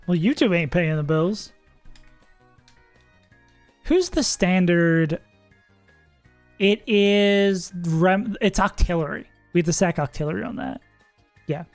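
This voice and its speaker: A streamer in casual livestream commentary, thinking aloud about game strategy, chatty and quick to laugh. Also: mid-range voice, expressive, no echo, soft background music.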